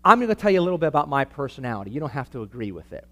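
A man's voice: mid-range voice, sing-song, racing. A man preaching to a live church audience in an emphatic teaching style, asking the listeners for amens. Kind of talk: sermon-style teaching talk.

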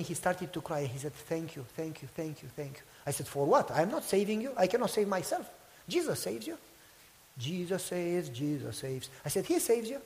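Male pastor, high-pitched, animated loud-to-hushed delivery, echoing hall. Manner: animated storytelling, acts out quotes, swings from loud to hushed. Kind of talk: sermon with storytelling.

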